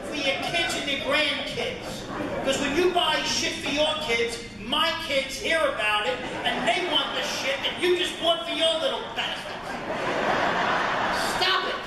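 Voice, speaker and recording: Ranting stand-up comic in an echoey club. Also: male voice, very high voice, measured pace. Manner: ranting, building to shouted punchlines. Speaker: stand-up comedian. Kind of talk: stand-up comedy routine. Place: comedy club stage. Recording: echoey club from far off with loud audience noise. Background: audience ambience.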